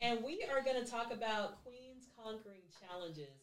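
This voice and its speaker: A woman hosting a motivational talk, telling a story in a chatty, emphatic, animated way. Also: a little high, normal speed. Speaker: host.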